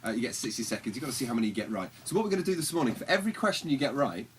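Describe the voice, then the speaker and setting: Fast, lively male radio host. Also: medium pitch, a little hiss or hum. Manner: upbeat, quick presenter patter. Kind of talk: radio show hosting. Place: radio studio.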